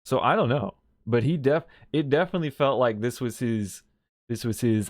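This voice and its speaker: A man's voice: mid-range voice, a little slow, no room sound, studio quality. A man casually recapping and commenting on a video game story, rambling and correcting himself as he goes, with frequent chuckles.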